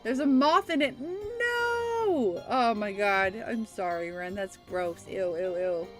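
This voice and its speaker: A woman's voice: medium pitch, unhurried, music in the background. Chatty woman streaming a game. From California, Bay Area. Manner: chatty, reads chat aloud, breaks into laughs. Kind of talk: casual gameplay chat.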